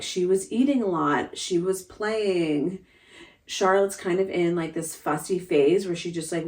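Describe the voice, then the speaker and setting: A woman's voice: fairly low pitch, far from the mic. A young woman telling an emotional family story in a vlog, talking casually with many fillers and restarts.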